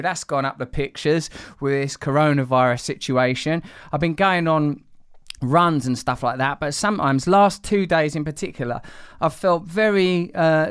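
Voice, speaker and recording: A man's voice: a little high, smooth, no echo, studio quality. A man hosting a long-form interview, speaking thoughtfully and articulately in long, wordy phrasing. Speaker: interview host.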